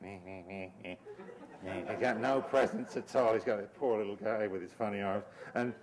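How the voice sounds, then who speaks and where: A man's voice: lowish voice, unhurried, a little mellow. A middle-aged man, a cartoonist giving a wry, digressive talk over his slides and laughing often. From Britain.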